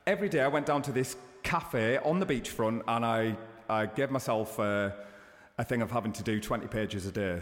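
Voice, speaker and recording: A man in his thirties talks casually as an interview guest, spinning stories with animated leaps in pitch. His voice carries a long reverb tail, as if recorded in a hall. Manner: chatty, animated storytelling with sudden high bursts.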